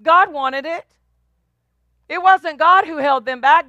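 High, bright-voiced woman pastor preaching. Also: takes it slowly, dry recording, highs cut off. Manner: emphatic, repetitive, call-and-response. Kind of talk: sermon.

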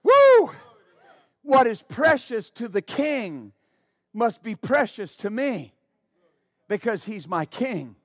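Male pastor, very high voice, fervent sermon delivery with restarts, dry close recording. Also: sing-song, slow, dry recording. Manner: fervent, exclaiming praise, stammering restarts.

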